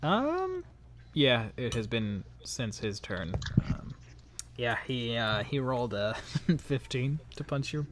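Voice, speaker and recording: A man narrating as game master in a casual tabletop session, laughing often and filling pauses with "um". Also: mid-range voice, sing-song, a little hiss or hum.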